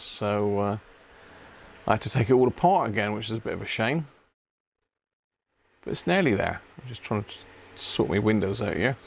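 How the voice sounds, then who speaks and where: A man's voice: on the low side, dry recording. A man hosting a casual live stream from his home workshop, chatting with viewers and greeting them one by one by name.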